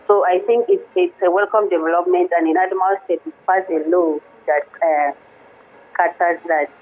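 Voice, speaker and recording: A woman, a lawyer guest on a radio show, speaking haltingly with many restarts. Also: on the low side, steady tone. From Nigeria. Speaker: guest, women's rights lawyer. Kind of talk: radio interview by phone. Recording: phone line into radio studio.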